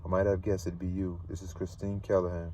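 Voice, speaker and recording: A man reading a composed, polite young woman's lines in his own low voice. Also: little pitch movement, a little fast, dark tone, slight background noise, natural voice.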